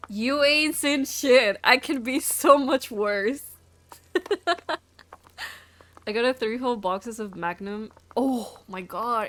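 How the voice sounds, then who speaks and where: A woman's voice: medium pitch, fairly bright tone. A woman streaming a video game, chatting casually, giggling often and swearing freely.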